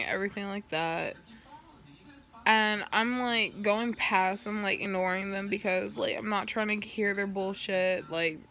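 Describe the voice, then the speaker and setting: Young woman vlogger, post-surgery and burping, bright tone, raspy fry, candid and profane, acts out quotes. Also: medium pitch. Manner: candid, swears freely, acts out quoted dialogue. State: burping, recovering after surgery. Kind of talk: casual storytelling vlog.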